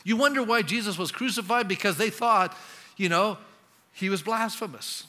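Male pastor, sermon; high, bright voice with long hall reverb; animated, asks the room questions. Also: normal speed.

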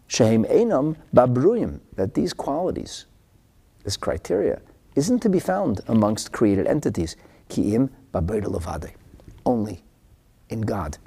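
A man teaching a husky voice that swings widely in pitch, rising high when stressing a point and sinking to a hushed whisper. He mixes in in style, sounding like a spirited study-hall lecture. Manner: animated, drops to whispers for emphasis. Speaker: Torah teacher. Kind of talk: lecture on a religious text.

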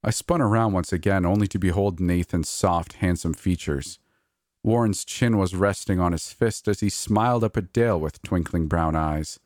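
A man narrating a horror story in a measured, steady reading. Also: low voice, dry recording, studio quality.

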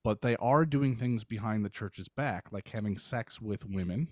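A man co-hosting a casual podcast, telling stories with animated emphasis and free swearing. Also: on the low side, normal speed, no room sound, studio quality. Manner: animated storyteller, swears freely. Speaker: podcast co-host. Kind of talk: casual chat.

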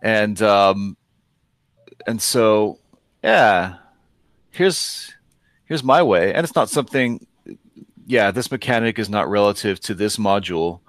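A man's voice: fairly low pitch, animated, slow pace, long pauses, a bit bright, dry recording. A man who runs the game, talking through his thinking in a casual podcast discussion, often restarting his sentences. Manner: thoughtful, with many restarts. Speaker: game master and podcast co-host.

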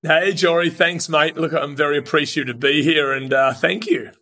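A man's voice: a little high, steady tone, normal speed, sharp tone. A man from Sydney with an Australian accent, a podcast guest chatting and laughing easily as he tells stories. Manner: chatty, laughs often, says "look" and "mate". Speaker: podcast guest, gym founder. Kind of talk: casual interview storytelling.

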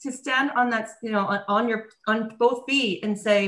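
High-voiced woman host in a roomy space. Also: steady tone, normal speed, fairly bright tone. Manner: emphatic, reacting with short affirmations. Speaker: podcast co-host. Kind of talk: casual chat. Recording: roomy echo.

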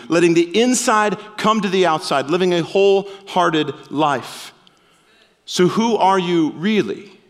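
A male pastor preaching with earnest emphasis and a slightly higher voice. He leans on key phrases and slows right down for them. His voice carries the long reverb of a large hall. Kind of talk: sermon.

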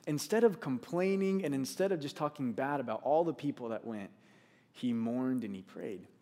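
A man's voice: medium pitch, moderate pace, mellow. A man preaching a sermon, speaking earnestly, repeating key phrases for emphasis and reading scripture aloud.

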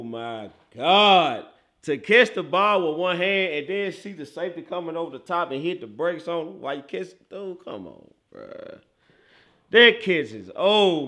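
A man from Memphis with a Southern accent hosting casual sports talk, excitable and often laughing and exclaiming. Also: on the high side, normal speed. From Memphis, Tennessee. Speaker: sports show host.

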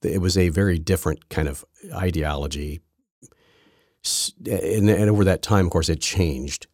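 A man's voice: sits low, moderate pace, darkish tone, dry recording, studio quality. A man hosting a political podcast, talking in a rambling, sarcastic way with many restarts. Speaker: podcast host. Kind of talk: casual political commentary.

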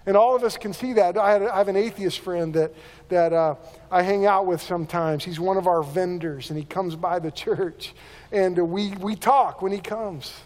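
Pastor guy preaching, kinda high voice, lots of echo trailing off, keeps restarting words. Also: moderate pace, a little mellow. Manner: earnest preaching with repeated word restarts. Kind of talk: sermon. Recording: long hall reverb.

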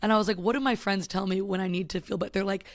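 A man's voice: high voice, fairly even intonation, rapid-fire. A man co-hosting a casual comedy podcast, talking in loose rambling sentences full of "like". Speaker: podcast co-host.

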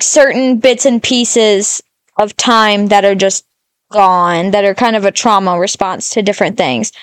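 A woman in her twenties co-hosting a podcast, telling animated stories in casual chat and swearing freely. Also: on the high side, smooth, no echo, clean studio sound. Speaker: podcast co-host.

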